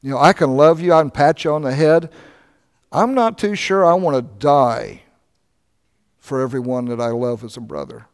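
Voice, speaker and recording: Older male pastor, sermon, fairly high voice, long hall reverb. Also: normal speed, smooth. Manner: conversational storytelling preacher, animated asides.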